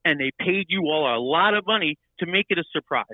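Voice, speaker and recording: A man telling a story in casual chat, animated and full of restarts and repeated words. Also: fairly high pitch, fast, no echo, phone-quality sound.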